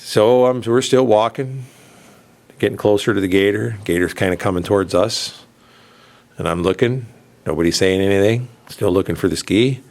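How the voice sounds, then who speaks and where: This middle-aged man, a radio host from the American South, rambles casually through a long story and laughs along with himself. He speaks at a moderate pace with frequent pauses, in a fairly low voice with a darkish tone.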